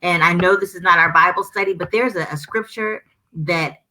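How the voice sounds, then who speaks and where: A woman's voice: lowish voice, moderate pace, sharp tone, low-quality recording. A middle-aged woman speaking as a guest, fervent and preacher-like, with lots of repetition. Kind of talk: conversational discussion.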